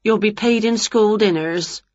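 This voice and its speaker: A woman's voice: mid-range voice, dry recording, pitched above the performer's own voice, natural voice. A woman voicing a jolly, friendly school cook in a storybook reading, on a dull lo-fi recording. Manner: bright, welcoming, brisk.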